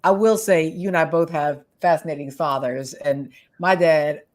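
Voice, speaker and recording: Brief: woman interviewer, slightly low voice, easy conversational delivery, quick to laugh. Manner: chatty, laughs often, effusive thanks. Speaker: host and interviewer.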